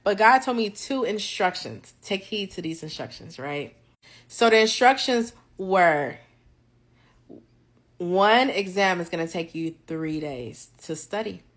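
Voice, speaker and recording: A young woman vlogging a casual faith testimony, animated and acting out her conversations with God. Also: mid-range voice.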